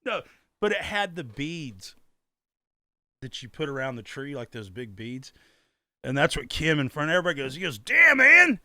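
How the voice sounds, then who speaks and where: Lively bright-voiced guy ranting thru a funny story on a podcast, cussing, dry close mic. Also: medium pitch, moderate pace, pauses often, dry recording. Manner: animated, swears a lot, laughs often. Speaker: podcast co-host. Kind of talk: casual storytelling chat.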